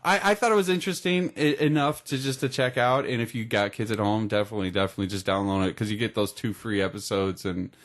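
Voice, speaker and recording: A man's voice: fairly low pitch, fast, few pauses. A man co-hosting a gaming podcast in casual chat, rambling with frequent restarts and chuckles. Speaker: podcast co-host.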